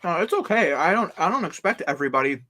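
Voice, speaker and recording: A man's voice: fairly high pitch, expressive, fast talker, sharp tone. A man co-hosting a casual livestream, talking earnestly and at length, explaining himself with many restarts. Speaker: livestream co-host.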